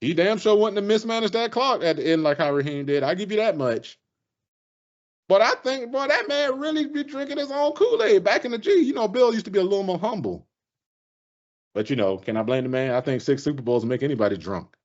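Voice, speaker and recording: A man co-hosting a sports podcast with a fairly high voice, ranting in an animated, profane way. The audio is dull and lo-fi, like a cheap podcast mic. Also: brisk. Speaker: podcast co-host. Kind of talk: casual sports chat.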